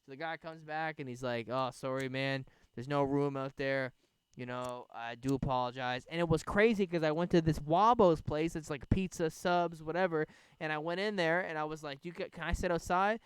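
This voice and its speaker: Young guy rambling thru a sweary story, clear voice, dry close sound. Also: fairly high pitch, normal speed, no echo. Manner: rambling, profane, animated retelling. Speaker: podcast host. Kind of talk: casual storytelling chat. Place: outdoors by a bonfire. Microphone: podcast microphone.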